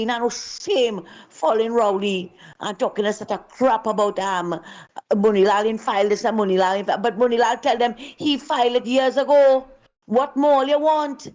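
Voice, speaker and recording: A woman's voice: fairly high pitch, a little mellow. Indignant woman caller. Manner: indignant, emphatic. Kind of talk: call-in political commentary.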